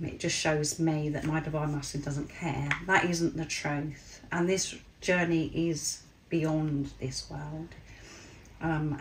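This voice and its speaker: A woman with a slightly hoarse, husky voice, earnestly channeling a spiritual message and speaking in soft, repeated phrases. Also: deep voice, slight background noise, poor audio. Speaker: spiritual card reader.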